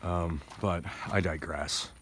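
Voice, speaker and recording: A man's voice: low-pitched, steady tone, slow, a bit bright, slight background noise. A man talking through a casual, rambling vlog monologue with many restarts, speaking through tooth pain and recorded on a phone. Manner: rambling, with frequent restarts and digressions. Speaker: vlogger. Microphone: phone camera.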